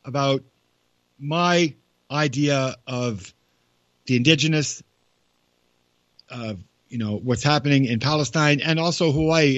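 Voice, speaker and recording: A man giving casual spoken commentary with a halting, wandering delivery and asides, reading quotes aloud. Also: a little high, no room sound. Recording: dull, dry lo-fi recording.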